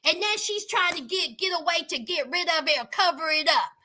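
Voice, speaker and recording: A woman's voice: very high-pitched, lively intonation, brisk, bright, forceful tone, slight background noise. A woman hosting a reality TV recap in casual commentary, sassy, gossipy and emphatic, repeating phrases for effect.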